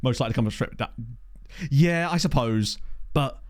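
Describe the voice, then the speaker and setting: A man giving chatty, excitable live commentary on a football management game he is playing. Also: medium pitch, moderate pace. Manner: excitable, chatty, thinks aloud. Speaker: video game streamer.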